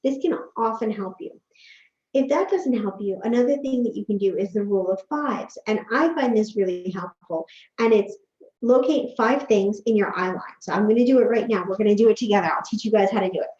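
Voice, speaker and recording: A woman's voice: mid-range voice, fairly quick. Chatty woman vlogging in a roomy space. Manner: chatty, gentle and reassuring, with frequent "like". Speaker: vlogger giving self-care advice. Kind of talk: casual advice vlog. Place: quiet room at home with camera setup. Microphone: desk microphone. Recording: roomy, slightly dull home recording.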